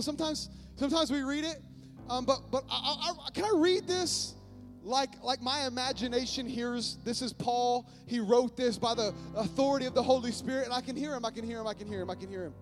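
A male pastor preaching a lively sermon to his church, often calling out to the congregation. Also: very high-pitched. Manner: energetic, calls on the congregation often. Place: church sanctuary.

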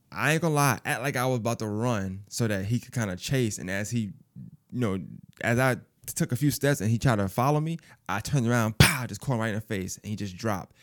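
A man telling a personal story in casual, profane speech, acting out other people's lines as he goes. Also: lowish voice. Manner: animated, profane, acts out quoted voices.

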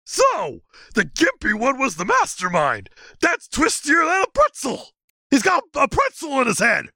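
A man voicing an excitable, gullible male Sasquatch who blurts out gasping exclamations in a comedy podcast bit. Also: extremely high pitch, a little slow, vocal fry, no echo, clean studio sound, voice pushed up, full character voice. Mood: excited.

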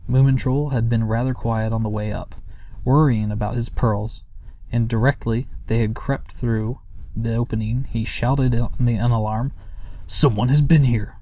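Man, storybook narrator, steady, gentle, dry recording. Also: medium pitch, moderate pace, no room sound. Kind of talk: storybook reading aloud.

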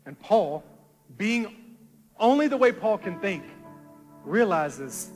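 A male pastor preaching a dramatic sermon, swinging from quiet low asides to loud rising appeals. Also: sing-song, a little slow, pauses often, big-room sound, faint music behind.

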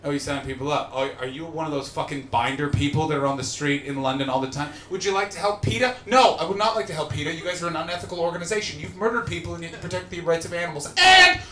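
A man hosting a live comedy podcast in front of an audience, ranting and swearing, swinging from muttered asides to shouting. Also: on the high side, rapid-fire, few pauses, a little hiss or hum. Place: live show venue with audience. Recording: echoey live venue.

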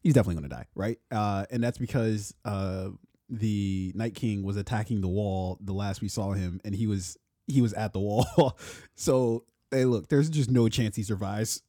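Low, mellow-voiced man in casual chat. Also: normal speed, dry recording, studio quality. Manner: laid-back, swears freely, laughs often. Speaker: podcast co-host.

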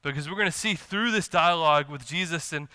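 A man's voice: on the high side, brisk, bright, forceful tone, clear, resonant tone, no echo. A man preaching a sermon in church, talking conversationally and acting out the dialogue of the scriptures he quotes. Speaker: pastor.

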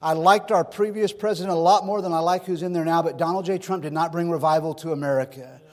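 High-voiced preaching man in a reverberant hall. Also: fairly even intonation, fast talker, darkish tone. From California. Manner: folksy preaching with stories and rhetorical questions. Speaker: pastor. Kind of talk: sermon.

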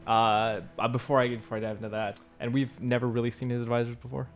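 A man's voice: mid-range voice, level tone, quick pace. A man narrating a tabletop game as game master, casual and full of fillers. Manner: casual, hesitant with many fillers. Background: background music.

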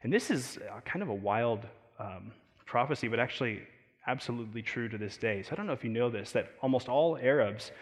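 An American man preaching a sermon in a loose, conversational way, full of fillers and side comments. His voice sits at an ordinary middle pitch. A long reverb trails his words through a large hall. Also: fairly quick. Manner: conversational, animated, with frequent fillers and asides. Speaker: pastor.

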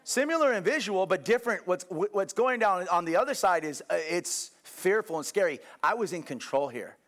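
Animated man preaching a casual sermon. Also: high-pitched, normal speed. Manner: animated storytelling, frequent restarts and asides to the congregation. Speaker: pastor. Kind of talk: conversational sermon.

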